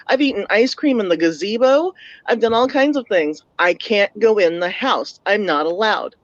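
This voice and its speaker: A woman's voice: mid-range voice, expressive, normal speed, dry recording. A woman in her forties from the San Diego area, telling a ghost story earnestly in casual chat. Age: 40s. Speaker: paranormal talk show panelist. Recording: dull, dry lo-fi audio.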